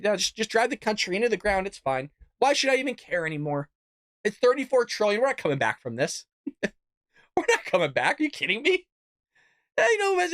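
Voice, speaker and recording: A man hosting a political show, ranting hotly and tripping over his own restarts. His pitch swings widely as he vents. The sound is dry and close with no room echo. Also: a bit bright. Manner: heated, exasperated ranting with frequent restarts. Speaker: political commentary host. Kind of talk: live political commentary.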